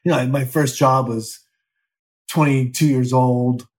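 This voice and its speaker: A man's voice: mid-range voice, steady tone, slow. Candid rambling man in his fifties. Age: 50s. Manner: candid, rambling, self-deprecating. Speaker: actor guest. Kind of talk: casual interview chat.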